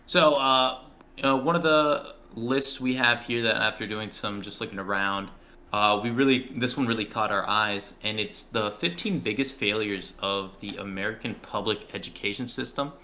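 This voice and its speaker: A man's voice: lowish voice, normal speed, bright, forceful tone. A young man in his early twenties, co-hosting a podcast and telling a rambling, profane story with acted-out quotes. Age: early 20s. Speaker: podcast co-host. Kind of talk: casual storytelling chat.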